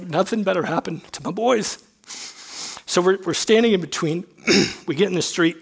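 A man in his thirties preaching to young adults, telling a personal story in an earnest, halting, emotional way. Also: on the high side, fairly bright tone.

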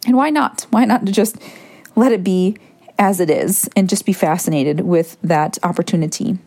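A woman hosting a reflective solo podcast, talking in a gentle, musing way and wandering into asides. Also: fairly low pitch, normal speed. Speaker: podcast host.

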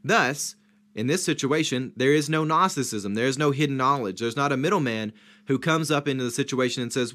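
A man with a middle-pitched, sharp-toned voice leads a Bible study discussion, talking fairly quickly with lively intonation. He teaches in a structured way, setting out numbered points and rhetorical questions and leaning hard on key words.

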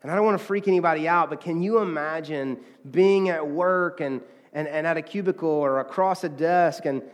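Earnest pastor preaching with hall reverb. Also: male voice, on the high side, a little fast. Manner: earnest, conversational, with frequent restarts and acted-out quotes. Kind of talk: sermon.

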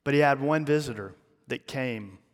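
A male pastor telling a story in a sermon, dramatic, with his voice dropping low and hushed at the emotional peaks. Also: moderate pace. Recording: long hall reverb.

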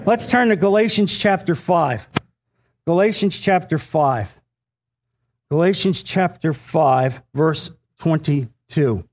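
High-voiced earnest male preacher. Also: expressive, takes it slowly, pauses often. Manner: earnest, repeats phrases for emphasis, frequent "uh" fillers; addresses the congregation directly, asks for an amen. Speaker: pastor. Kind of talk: sermon.

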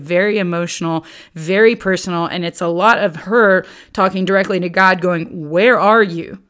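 Chatty woman teaching a Bible lesson. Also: mid-range voice. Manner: chatty and animated, with many rhetorical "right?" and "okay?" checks. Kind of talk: casual Bible study lesson.

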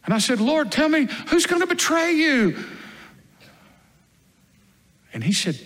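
A man playing the apostle Peter as a first-person dramatic monologue, telling the story earnestly and dramatically, moving between loud and hushed passages. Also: on the high side, sing-song, measured pace. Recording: long hall reverb.

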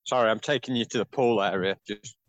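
A man co-hosting a podcast from a holiday spot, chatty and quick to laugh while telling stories. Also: lowish voice, no room sound, dull audio. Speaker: podcast co-host. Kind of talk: casual chat. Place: on holiday outdoors by a pool.

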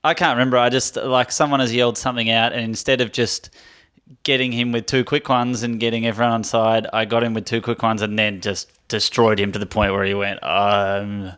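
A comedian guest, a man, telling a story in casual podcast chat, a little halting, with restarts. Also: mid-range voice, flat delivery, a bit bright.

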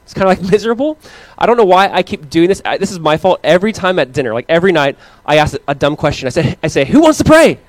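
Male pastor, 30s, conversational sermon, animated storyteller, slightly high voice, dry close mic. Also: quick pace, few pauses, no echo.

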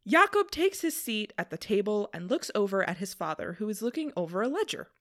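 A woman on a podcast reading aloud a story she wrote, brisk and amused. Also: medium pitch, big pitch swings, fairly bright tone. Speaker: podcast co-host reading her own story. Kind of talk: casual read-aloud.

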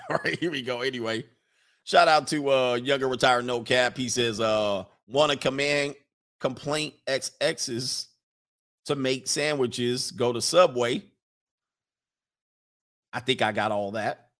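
A man's voice: mid-range voice, big pitch swings, takes it slowly, long pauses, a bit bright. A man riffing casually and comically as a streamer reading viewer comments, slangy and crude, breaking into laughter often.

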